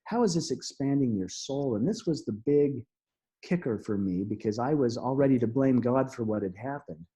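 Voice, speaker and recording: A middle-aged man, an interview guest, recounting a personal story in an earnest, halting way with frequent restarts and soft laughs. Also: mid-range voice, animated, husky.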